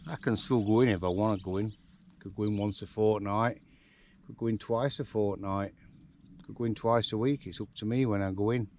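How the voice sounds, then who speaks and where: A man's voice: on the low side, slight background noise. An older man with a Yorkshire accent, chatting casually to camera on his farm and talking fondly to his donkeys. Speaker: farm vlogger. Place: outdoors in a farm paddock.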